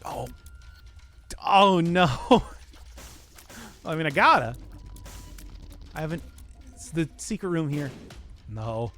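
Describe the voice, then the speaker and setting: A man's voice: on the high side, lively intonation, slow pace, pauses often, a bit bright. A male streamer in casual live-stream chat, reading viewer requests with wry, teasing banter.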